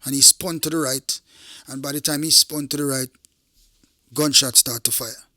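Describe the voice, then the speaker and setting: A man's voice: mid-range voice, fairly even intonation, moderate pace, bright, forceful tone, no echo, studio quality. A middle-aged Jamaican man, a former police officer, recounting a true event in an intense, emphatic way, repeating phrases and speaking straight to his listeners.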